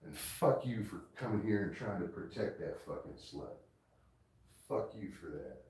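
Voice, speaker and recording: A man with a very low voice rants in a furious, profane tirade. He is insulting and aggressive and hammers the same points again and again. His voice rings in an echoey room. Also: big pitch swings, unhurried, darkish tone. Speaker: streamer ranting at a commenter. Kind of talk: angry profane rant.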